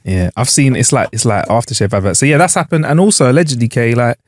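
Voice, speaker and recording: A man's voice: mid-range voice, animated, fast, dry recording, clean studio sound. A young man co-hosting a podcast, talking in a laid-back way with lots of agreeing. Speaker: podcast co-host. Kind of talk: casual chat.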